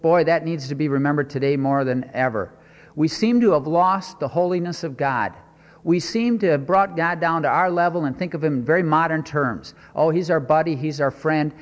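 A man's voice: on the high side, normal speed, long reverb tail. A man preaching a sermon, stressing and repeating his points and asking rhetorical questions.

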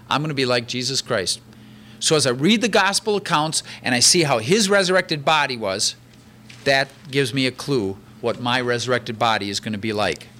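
A male pastor delivers a sermon with animated, conversational energy. His voice is slightly high and strikingly bright, with a ringing edge. He reads verses and breaks them down with everyday examples.

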